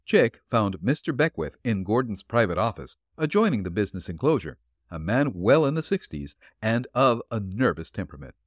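Man, audiobook narration, low voice, lively intonation, dry close recording. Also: moderate pace, dry recording. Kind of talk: scripted narration of a detective story.

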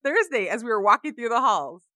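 A woman's voice: on the high side, big pitch swings, fairly quick, bright, forceful tone, dry recording. A young woman co-hosting a teacher podcast in casual chat, laughing often and saying "like" a lot.

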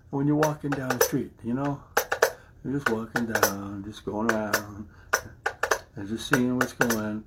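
A man's voice: medium pitch, normal speed, heavy background noise. A middle-aged man hosting his podcast in a casual, rambling monologue, chatty and laughing often as he restarts his sentences. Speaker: podcast host.

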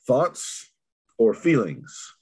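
A man's voice: mid-range voice, big pitch swings, very slow, darkish tone, husky. A man hosting an interview, asking short questions in a playful, upbeat way. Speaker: interview host. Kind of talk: rapid-fire interview questions.

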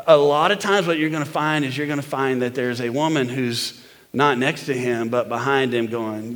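A man preaching a sermon as a pastor, animated and urging the congregation to say amen. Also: medium pitch, moderate pace, long reverb tail. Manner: animated preaching, prompting the crowd for amens.

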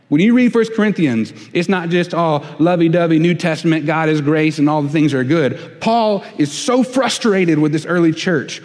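A man preaching a sermon, conversational and emphatic, growing loud and indignant when quoting. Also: fairly high pitch, moderate pace, few pauses, long reverb tail. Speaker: pastor.

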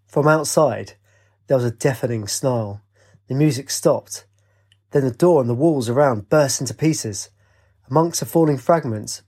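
Husky-voiced man reading a story aloud. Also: medium pitch. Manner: lively, puts on voices for dialogue. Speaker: narrator. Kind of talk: audiobook reading with character voices.

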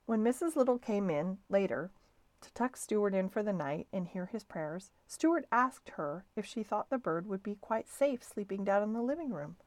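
Woman reading a children's book aloud, expressive, close and dry sound, mid-pitched. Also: moderate pace, no echo. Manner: calm, expressive storytelling. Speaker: storybook reader.

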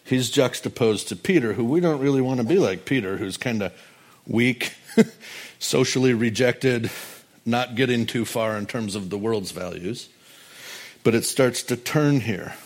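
A man's voice: medium pitch, unhurried. Male pastor, casual funny sermon style, mid-range voice. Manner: conversational, humorous, storytelling.

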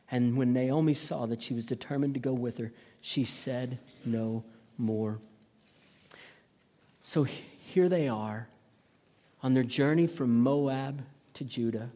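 Earnest preacher with restarts, echoing hall. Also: male voice, medium pitch, slow, mellow. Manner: earnest, with frequent repeated words and restarts. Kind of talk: sermon, reading scripture and explaining it.

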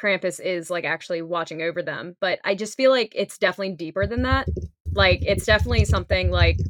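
A woman's voice: on the low side, fast, no echo, studio quality. A woman co-hosting a podcast, casually sharing her take on a film, thinking aloud with lots of "like". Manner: thinks aloud, frequent "like" and laughs. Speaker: podcast co-host.

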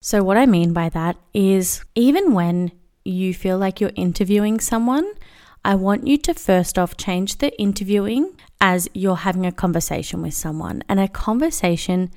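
A woman's voice: medium pitch, animated, normal speed, darkish tone. A young Australian woman hosting her own podcast, talking to listeners in a chatty, upbeat solo style. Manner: chatty, upbeat, self-deprecating. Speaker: podcast host. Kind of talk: casual solo podcast chat.

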